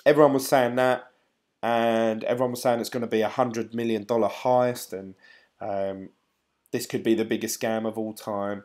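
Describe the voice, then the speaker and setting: A middle-aged crypto YouTuber hosts a casual live stream in a slightly mellow, low voice with fairly even intonation and a moderate pace. He rambles chattily and reads out comments from viewers.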